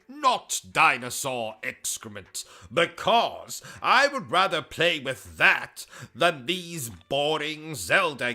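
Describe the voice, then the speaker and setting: British male streamer, pompous and theatrical, slow deliberate delivery, bright edge. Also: fairly high pitch. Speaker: gaming YouTuber. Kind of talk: comedic livestream rant.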